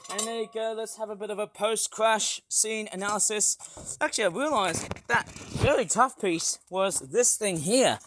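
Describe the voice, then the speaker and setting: A man chatting excitedly outdoors while smashing toys for a review vlog, often laughing and whooping. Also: high-pitched, a little hiss or hum. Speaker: toy reviewer. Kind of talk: casual toy-smashing vlog. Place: outdoors on a hot day.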